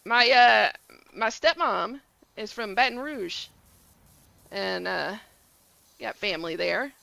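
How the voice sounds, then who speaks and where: A woman's voice: mid-range voice, animated, slow, gravelly, bright, forceful tone, no room sound, low-quality recording. A woman from Georgia with a Southern accent, chatting casually on a game stream and greeting viewers by name. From Georgia, USA. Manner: upbeat, greets chat by name. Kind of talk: casual live-stream chat.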